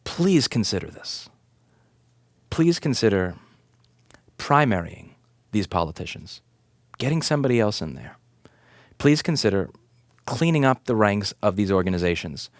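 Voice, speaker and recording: With a lowish, sing-song voice at normal speed and frequent pauses, a repair shop owner and advocate in his thirties rants indignantly to camera. He fires rhetorical questions, curses for emphasis, and repeats points hard, all in a dry, clean studio recording.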